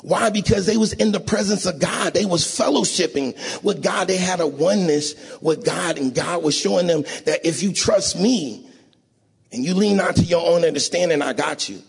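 A man preaching a sermon in a church, emotional and rising to sing-song shouts, often asking the congregation to agree. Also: sits high, moderate pace, creaky, breathy edge. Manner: call-and-response, asks audience to agree.

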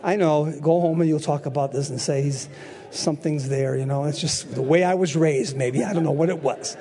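A man in his sixties preaching a sermon, telling stories in an animated way and shouting for emphasis, with a husky voice. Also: fairly high pitch, brisk. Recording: echoey hall.

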